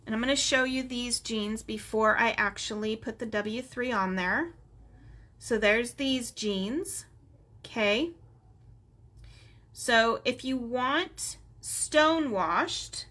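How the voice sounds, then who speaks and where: A woman's voice: a little high, sharp tone. A middle-aged woman in her home office, chatting unhurriedly as she gives step-by-step coloring instructions. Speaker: art instructor. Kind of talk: relaxed coloring tutorial.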